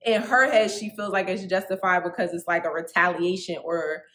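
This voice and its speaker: A woman's voice: fairly low pitch, a little fast, bright, forceful tone, echoey room. A woman co-hosting a casual recap chat, musing and hesitant, often trailing off mid-thought. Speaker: co-host.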